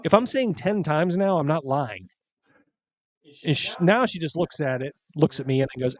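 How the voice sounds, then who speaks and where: A man's voice: on the high side, animated, moderate pace. A man hosting a podcast, telling stories in casual chat and rambling through them with lots of fillers. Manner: rambling storyteller, heavy on fillers. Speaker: podcast host.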